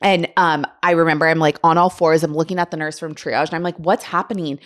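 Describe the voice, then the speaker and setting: A young woman hosts a podcast and tells a story in a loose, chatty way. Her voice sits a little low, and she acts out the other people's voices. She laughs often as she talks. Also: steady tone, fast. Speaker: podcast host. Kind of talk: casual storytelling chat.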